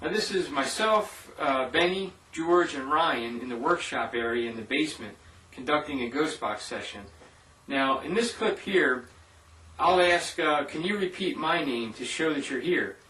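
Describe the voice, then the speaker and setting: A man's voice: fairly high pitch, animated, a little slow, bright, forceful tone, echoey room, recorded from a distance, a little hiss or hum, rough recording. A man casually narrating his ghost-hunting evidence, talking straight to his viewers in an informal way. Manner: informal, speaks directly to viewers. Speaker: paranormal investigator presenting evidence. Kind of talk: casual voice-over narration of clips.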